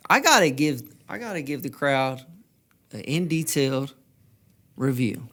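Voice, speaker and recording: A man's voice: mid-range voice, very animated, measured pace, bright, forceful tone. A man co-hosting a podcast, bantering and teasing as he goes through his album review notes. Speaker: podcast co-host. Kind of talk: casual album review chat.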